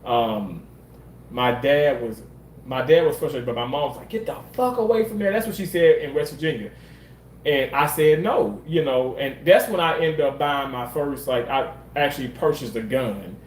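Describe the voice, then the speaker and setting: A man's voice: medium pitch, normal speed, reverberant, slight background noise, poor audio. A man from Mississippi, telling a personal story in a candid, rambling way and swearing freely. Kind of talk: casual storytelling monologue.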